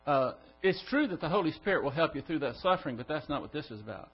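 A man's voice: a little high, expressive, fast talker, breathy edge, highs cut off. A man teaching a Bible study to a class, emphatic and full of rhetorical questions. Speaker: pastor.

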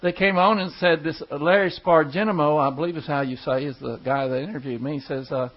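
A pastor chats with his flock in a loose, folksy ramble and chuckles between stories. His voice sits a bit high for a man and has a husky grain. The recording is dull and lo-fi. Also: a little fast. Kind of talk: casual storytelling to a congregation.

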